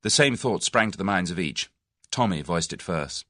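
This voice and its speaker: A man reads an audiobook in an expressive storytelling manner. His voice is deep and his intonation moves widely. The recording is dry and close. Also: normal speed, no echo. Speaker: audiobook narrator. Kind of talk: scripted narration.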